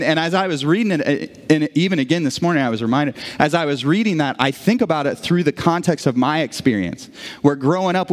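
With big-room sound around him, a man whose voice is a little high preaches as pastor in a church auditorium. He relates stories in an animated way, restarting often.

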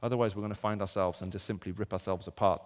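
A man preaching a sermon, moving from quiet reflection to loud, emphatic repetition. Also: lowish voice, steady tone, rapid-fire, big-room sound.

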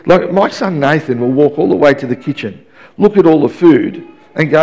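A man's voice: on the high side, lively intonation, normal speed, darkish tone. A man in his fifties preaching a sermon in an emphatic, repetitive way, often restarting his sentences.

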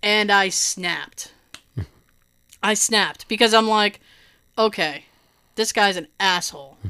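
A woman's voice: medium pitch, takes it slowly, smooth. A woman telling a story in casual chat, acting out what others said and laughing often. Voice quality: hearing loss in right ear. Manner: animated, laughing storyteller who acts out quotes.

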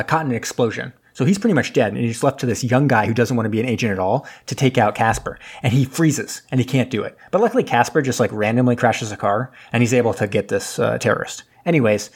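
A man's voice: medium pitch, breathy edge. Rambling man recapping a movie. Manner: rambling, filler-heavy, loses his train of thought. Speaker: podcast co-host recapping a movie.

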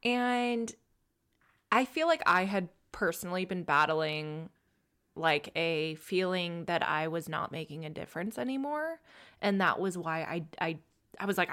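A woman's voice: fairly low pitch, expressive, moderate pace, fairly bright tone, smooth. A young woman, an ICU nurse co-hosting a podcast, telling a heartfelt story in casual chat and dropping to a whisper for quoted words.

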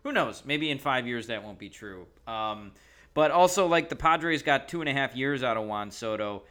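A man with a bright, smooth, clear voice, co-hosting a casual podcast chat. He makes his case in an opinionated way, with plenty of ums and likes along the way. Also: medium pitch, expressive, normal speed. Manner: opinionated, argues his point with fillers. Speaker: podcast co-host.

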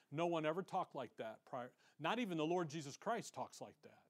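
Emphatic American preacher, slightly high voice. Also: male voice, lively intonation, normal speed, few pauses. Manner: emphatic, conversational preaching, loud when reading verses and quiet for asides. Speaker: pastor. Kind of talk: sermon with scripture reading.

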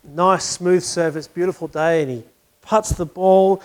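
A man's voice: high voice, fairly even intonation, measured pace. A man preaching a conversational sermon, asking questions and telling a wry joke.

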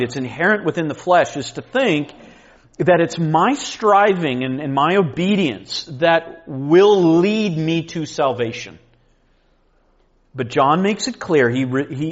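A man's voice: on the high side, muffled recording. A man preaching an earnest, emphatic sermon to a men's retreat, repeating key points and restarting phrases as he teaches. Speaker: pastor.

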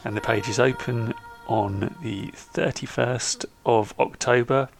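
A man's voice: mid-range voice, fairly even intonation, slow pace, creaky, soft background music. A man co-hosting a podcast, trading dry, wry banter in casual chat. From England. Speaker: podcast co-host.

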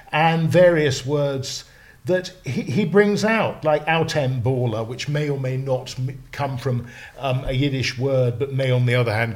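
A man who is a slang lexicographer, talking in a casual podcast discussion, animated and digressive, with frequent restarts. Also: medium pitch.

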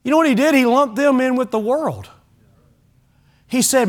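High-voiced emphatic man preaching. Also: expressive, moderate pace, pauses often. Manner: emphatic, swings from loud exhortation to soft hushed lines; conversational asides to the congregation. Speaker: pastor. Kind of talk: sermon.

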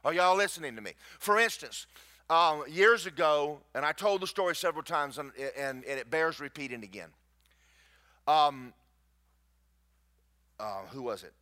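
Male pastor, sermon delivery, slightly high, animated, folksy asides. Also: moderate pace, pauses often. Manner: animated, rising to near shouts at peaks, folksy asides to the congregation. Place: church sanctuary.

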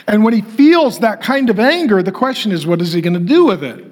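A man's voice: high-pitched, lively intonation, brisk. A middle-aged man from North Dakota preaching a sermon to men in a direct, conversational way, asking the crowd to raise their hands. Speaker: pastor.

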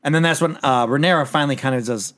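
A man's voice: mid-range voice, fast. Man rambling through a TV recap. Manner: rambling, animated, with frequent restarts and swearing. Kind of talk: casual chat recapping a TV episode.

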